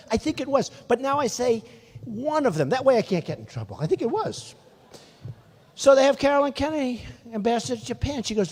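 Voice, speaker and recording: An older male political candidate gives a rambling, boastful campaign speech at a large rally venue, addressing the crowd in repetitive asides. His very high-pitched voice has a darkish tone and big pitch swings, and he talks briskly. The sound is big and roomy.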